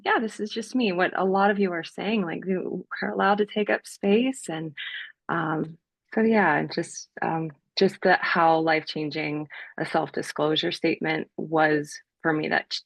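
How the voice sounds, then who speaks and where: A woman's voice: fairly low pitch, gravelly, no room sound. A woman who stutters, sharing in a casual support group discussion on a video call. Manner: stutters, with repeated sounds. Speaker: group participant.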